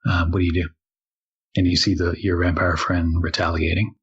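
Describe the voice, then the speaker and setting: Husky-voiced man running a tabletop game. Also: low voice, flat delivery. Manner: measured, filler-heavy narration. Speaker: game master. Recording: dull lo-fi recording.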